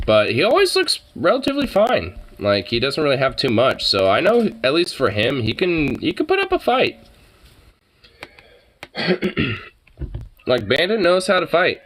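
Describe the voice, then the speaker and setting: A live streamer chatting casually with a profane manner, reacting to chat and scolding and cooing at pets. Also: medium pitch.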